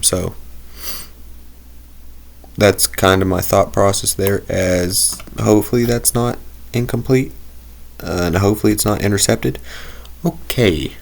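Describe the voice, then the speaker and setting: A man with a very low, deep voice talks through a football video game as he plays. He rambles, thinks aloud and jokes at his own expense in a loose, casual way. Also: vocal fry. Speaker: gaming commentator. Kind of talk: casual gameplay commentary.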